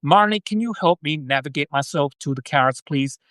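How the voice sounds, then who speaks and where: A man's voice: a little high, animated, a little fast, fairly bright tone, no room sound. An Australian man putting on an overly formal Southern American shopper who talks in a stiff, wordy, polite way.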